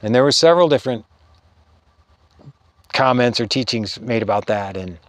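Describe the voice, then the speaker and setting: A man's voice: medium pitch, lively intonation, no echo. Middle-aged man telling a meandering spiritual story. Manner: meandering, halting, full of restarts.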